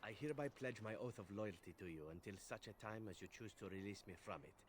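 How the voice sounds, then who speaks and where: An actor playing a charming, flirtatious male elf assassin in a video game, with a Spanish accent and a smooth, flattering delivery. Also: on the low side, fast, slight background noise, close to an everyday voice.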